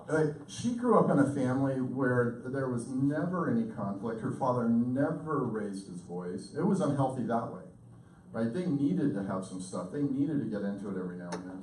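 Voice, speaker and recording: A man in his fifties, a communication professor, lecturing with lively, intense storytelling and acted-out quotes. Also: medium pitch, moderate pace, slight background noise. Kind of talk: lecture to an audience. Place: lecture hall. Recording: echoey hall recorded from far off.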